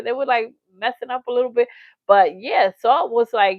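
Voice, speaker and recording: Woman reaction streamer, chatty and animated, laughs a lot, dull lo-fi sound with a dry room. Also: fairly high pitch, normal speed, no room sound. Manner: chatty and animated, laughs often, acts out quotes. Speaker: livestream reaction host. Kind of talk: casual livestream chat, reading viewer comments.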